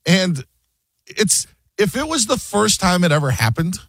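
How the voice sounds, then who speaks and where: Lively man hosting sports radio. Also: high voice, a little slow, no room sound. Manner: animated, jokey, acts out quotes. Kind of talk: casual sports talk.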